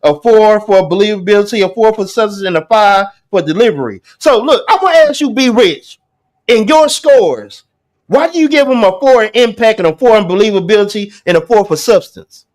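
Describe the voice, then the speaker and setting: A man with a strikingly high voice hosts a casual poetry talk. He talks in loose slang and keeps circling back with restarts. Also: fairly quick. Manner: animated, repetitive restarts, slangy. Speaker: host. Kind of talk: casual chat.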